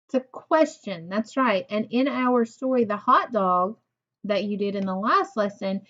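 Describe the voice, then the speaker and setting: A woman teaching a recorded reading lesson to young children, speaking slowly and patiently, praising and asking questions of pupils who aren't there. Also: on the high side, lo-fi sound. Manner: slow, patient, encouraging, asks questions to unseen pupils.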